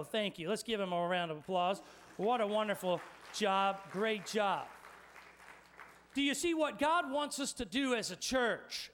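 Upbeat preacher guy, highish voice, playful, calling folks up front. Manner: energetic, playful, addresses the congregation directly. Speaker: pastor. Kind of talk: sermon with live demonstration.

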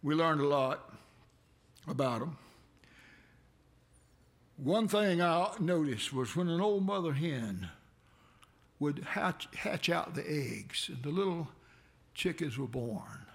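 A man preaching a sermon, with dramatic swells that build to near shouts. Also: expressive, slow, vocal fry, pauses often. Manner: dramatic preaching with sudden swells in pitch and loudness.

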